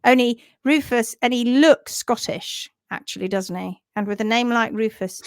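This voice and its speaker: A woman hosts a casual live stream about horse care, chatty and quick to giggle. Her voice is high and bright in tone. The sound is close and dry. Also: no room sound.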